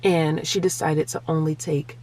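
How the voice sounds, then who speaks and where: A woman vlogger and single mother, telling a family story in a casual, animated way and sometimes acting out voices. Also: sits low, moderate pace. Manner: animated, acts out voices, laughs through the telling.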